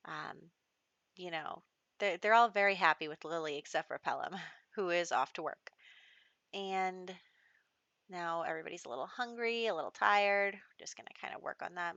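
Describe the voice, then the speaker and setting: Woman gameplay host, chatty and giggly, low-pitched but bright; dull, dry home recording. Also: no room sound. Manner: chatty, laughs often, acts out characters' lines. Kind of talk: casual gameplay commentary.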